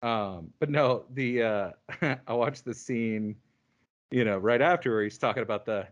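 A man's voice: medium pitch, lively intonation, moderate pace, dull audio. A man co-hosting a podcast in casual chat, laughing often and retelling scenes with animation. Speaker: podcast co-host.

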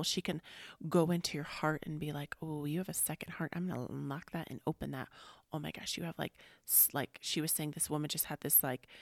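A woman with a low, gravelly voice hosts a relaxed spiritual podcast, talking in a rambling, chatty way that drifts into soft near-whispers. The sound is close and dry, with no room around it. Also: no echo. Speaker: podcast host. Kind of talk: casual spiritual talk.

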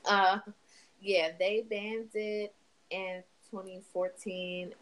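A woman's voice: medium pitch, level tone, takes it slowly, poor audio. A woman in casual chat, talking candidly with frequent swearing and laughter. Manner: candid and profane, laughing often.

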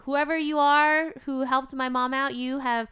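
A woman's voice: high-pitched, little pitch movement, a little slow, sharp tone. A woman co-hosting a podcast, telling stories in an upbeat, casual chat. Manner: chatty storyteller, upbeat. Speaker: podcast co-host.

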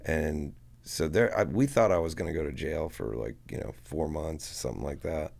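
A man's voice: very deep voice, normal speed, vocal fry, few pauses, darkish tone. A man being interviewed as a guest musician, telling a long story in a rambling, heavily profane way.

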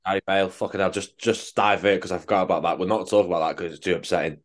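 A man's voice: deep voice, steady tone, very fast. A young man, a fitness coach in casual chat, blunt and sweary, calling his co-host mate.

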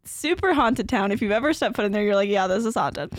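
A woman's voice: mid-range voice, lively intonation, quick pace, no room sound, studio quality. A young woman co-hosting a podcast, telling a ghost story in a rambling, casual way with lots of fillers and laughter. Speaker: podcast co-host.

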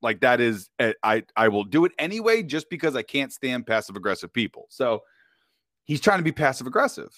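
A man's voice: medium pitch, sing-song, a little fast, a bit bright, no room sound, clean studio sound. A man, a podcast guest, telling a story in casual chat, talking in slang and keeps asking "you know what I mean".

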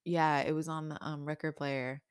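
A woman's voice: little pitch movement, normal speed, clear, resonant tone, dry recording, studio quality. A young woman co-hosting a casual chat, a little stuffy and sniffly, who laughs often. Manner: laughs often, acts out her daughter in a high voice. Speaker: podcast co-host.

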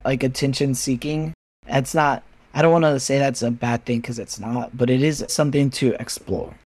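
Man, podcast guest, frank and open, animated, casual swearing, dry close sound. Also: mid-range voice, moderate pace, no room sound. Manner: frank, animated, swearing, acting out friends' voices. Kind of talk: candid casual chat.

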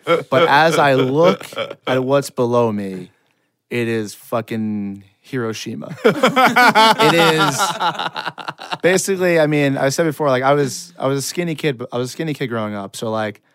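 A man's voice: medium pitch, animated, moderate pace, clear, resonant tone, no echo, studio quality. A man telling a long, self-deprecating funny story in casual chat. He rambles and laughs often.

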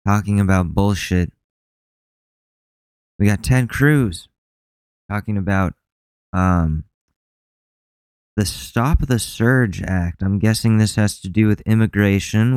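A man's voice: fairly low pitch, a little mellow, clean tone, no room sound, clean studio sound. A man hosting a casual podcast, rambling and swearing with a sarcastic edge. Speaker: podcast host. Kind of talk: casual commentary.

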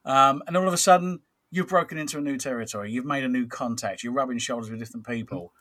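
A man's voice: medium pitch, fast talker, fairly bright tone. Enthusiastic man hosting a chat. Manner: enthusiastic, encouraging, chuckling. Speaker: podcast host, wrestling trainer. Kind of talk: casual podcast conversation.

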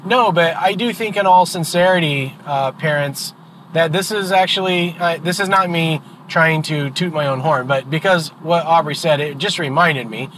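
A man's voice: on the high side, moderate pace, fairly bright tone, rough recording. A middle-aged man hosting a podcast with his daughter, chatting earnestly and rambling through stories while driving. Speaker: podcast host and father. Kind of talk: casual chat in a car. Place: in a moving car. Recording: road noise from the car.

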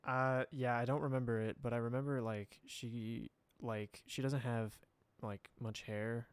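A man's voice: mid-range voice, flat delivery, unhurried, clear, resonant tone, no room sound. A young man co-hosting a podcast in casual chat, rambling and laughing often, trailing off mid-sentence. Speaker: podcast co-host.

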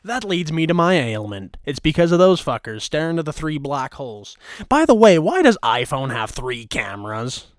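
A man's voice: on the high side, very animated, moderate pace, no echo, clean studio sound. A man hosting a casual podcast, ranting in a crude, mock-angry, teasing way. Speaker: podcast host. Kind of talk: crude comedic rant.

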